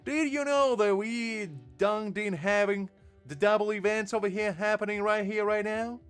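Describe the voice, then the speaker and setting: A man's voice: sits high, fairly even intonation, fast talker, clean tone, faint music behind, pitched above the performer's own voice, lightly acted. A man putting on an exaggerated cowboy drawl, playing a blustering old-West cowboy with folksy threats. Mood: blustery.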